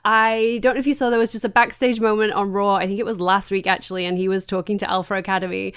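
A woman's voice: medium pitch, fast talker, smooth, no echo, studio quality. A woman co-hosting a wrestling podcast in casual chat, joking and laughing often. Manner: laughs often, jokey, animated. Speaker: podcast co-host.

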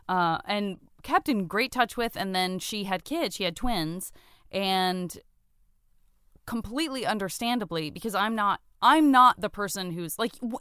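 A woman's voice: medium pitch, fairly bright tone, clear, resonant tone, no echo, clean studio sound. A woman hosting a podcast in casual chat, rambling and giggly, sometimes slipping into playful voices. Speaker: podcast host.

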